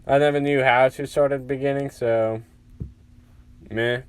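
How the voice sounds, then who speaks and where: A man's voice: mid-range voice, fairly even intonation, normal speed, clear, resonant tone, no room sound. A man casually narrating a fan-fiction story in a rambling way, full of "like" fillers.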